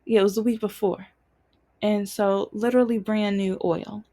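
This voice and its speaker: A woman's voice: medium pitch, steady tone, moderate pace, dark tone. A woman hosting her own show, telling a personal story in an emotional, frank way. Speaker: podcast host.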